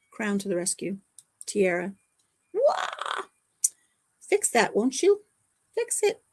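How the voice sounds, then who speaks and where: Chatty middle-aged woman telling rambling stories. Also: mid-range voice. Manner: rambling storyteller, repeats phrases, reads viewer comments. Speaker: vlogger chatting with viewers. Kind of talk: casual chat.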